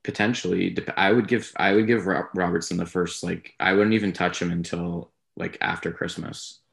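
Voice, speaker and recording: A man co-hosting a podcast, talking through his views in a casual, rambling, measured way. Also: sits low, fairly even intonation, vocal fry, fairly bright tone. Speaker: podcast co-host. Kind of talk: casual sports talk.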